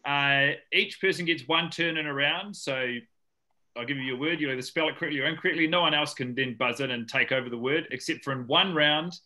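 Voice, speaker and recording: A man's voice: a little high, a little fast, pushed and bright. A man with a New Zealand accent, hosting a comedy spelling bee over a video call in a dry, joking, chatty way. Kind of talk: casual comedic game-show hosting.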